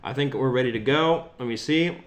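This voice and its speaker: A man's voice: mid-range voice, a little fast. A young man co-hosting a superhero show stream, chatting loosely and laughing a lot. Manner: loose, joking, laughs often. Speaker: co-host of a superhero TV review stream. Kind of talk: casual livestream banter.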